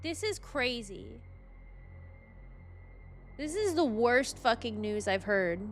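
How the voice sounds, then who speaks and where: A woman's voice: fairly high pitch, slow, a little hiss or hum. A woman streaming a game in casual chat, ranting with lots of swearing and breaking into shrieks. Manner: excitable, profane, ranting; bursts into shrieks.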